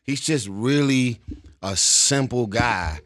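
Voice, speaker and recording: A man in his forties, a guest in an interview, talking in a relaxed way, chuckling and putting on mock voices as he tells stories. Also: medium pitch, takes it slowly, no room sound, clean studio sound. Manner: laid-back, chuckling storyteller who puts on mock voices. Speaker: actor and singer, interview guest.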